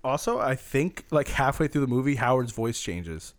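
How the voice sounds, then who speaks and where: A man's voice: mid-range voice, lively intonation, normal speed. A man co-hosting a podcast, recounting a horror film's plot in a laid-back, trailing way. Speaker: podcast co-host. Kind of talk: casual movie review chat.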